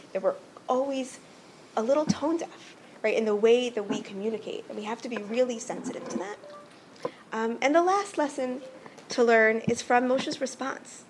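A woman's voice: medium pitch, slight background noise. A woman teaching a religious text, earnest and explanatory, often checking in with "right?".

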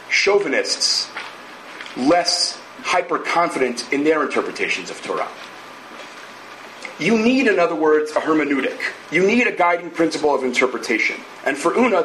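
A male lecturer talks in a measured, explanatory way, pausing for asides and checking in with his listeners. His voice sits a little high for a man. It is recorded in an echoey room with a faint hiss behind him. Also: fairly bright tone. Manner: measured, explanatory, thinks aloud with asides and tag questions. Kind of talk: academic lecture.

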